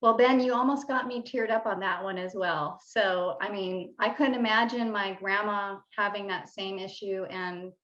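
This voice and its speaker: A woman's voice: mid-range voice, fairly even intonation, moderate pace, few pauses, fairly bright tone, reverberant, dull audio. A woman real estate agent hosting a panel and asking guests questions in a friendly way. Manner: friendly interviewer.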